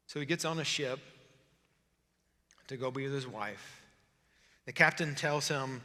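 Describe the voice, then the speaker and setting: A man preaching a sermon as pastor, often hushed and close to tears, at times lively and joking. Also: mid-range voice, moderate pace, pauses often, in a large hall. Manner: emotional, voice breaking into tears at times; shifts between hushed intensity and lively joking.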